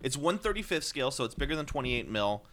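A man's voice: medium pitch, very animated, quick pace, fairly bright tone. A man co-hosting a casual podcast chat, rambling with ums and self-corrections and cracking wry jokes. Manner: wry, joking. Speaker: podcast co-host.

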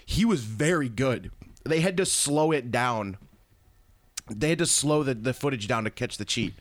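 A man in casual podcast chat who laughs often and speaks in an animated way. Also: mid-range voice, moderate pace. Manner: laughs often, animated, reads posts aloud.

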